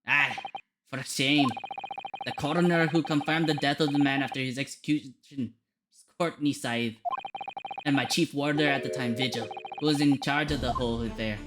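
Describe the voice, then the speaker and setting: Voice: medium pitch, steady tone, moderate pace, lightly acted. A streamer putting on a jovial Scottish governor. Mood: grave. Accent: put-on Scottish. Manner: folksy, chuckling, heavy Scots words like laddie, ken, wee bairn. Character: jovial older male Scottish prison governor. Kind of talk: reading game dialogue aloud on a live stream. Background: game music.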